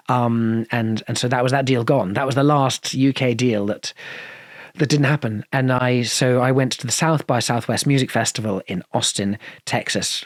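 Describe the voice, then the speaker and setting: A man's voice: medium pitch, no room sound, clean studio sound. A man with a posh English accent, a guest telling long stories in an interview, rambling with many restarts and fillers. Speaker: guest musician. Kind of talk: casual interview storytelling.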